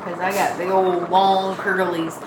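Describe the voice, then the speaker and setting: Slow-drawling Nova Scotian woman. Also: fairly low pitch, little pitch movement, reverberant, noisy background. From Nova Scotia, Canada. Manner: folksy, drawling, chatty and self-amused. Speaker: vlogger cooking on a livestream. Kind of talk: casual livestream chat while cooking. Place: home kitchen with a pot boiling.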